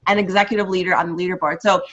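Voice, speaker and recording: A woman's voice: on the low side, steady tone, rapid-fire, lo-fi sound, background noise. Enthusiastic woman hosting a video call. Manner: enthusiastic, reads off achievements with restarts. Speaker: host introducing a guest speaker. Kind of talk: motivational call introduction.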